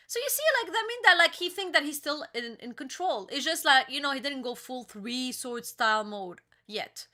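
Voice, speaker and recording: A young woman reading comic pages aloud in a casual reaction chat, halting with many fillers and restarts. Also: high voice, animated, bright, forceful tone. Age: young adult. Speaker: co-host reacting to a comic chapter.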